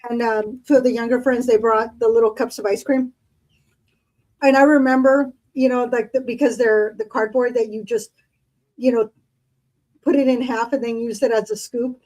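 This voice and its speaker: A woman's voice: fairly high pitch, fairly even intonation, moderate pace, a little mellow, low-quality recording. A middle-aged woman co-hosting a podcast, telling memories in a chatty, rambling way. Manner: chatty, rambling, with many fillers and colloquial speech. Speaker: podcast co-host. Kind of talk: casual chat.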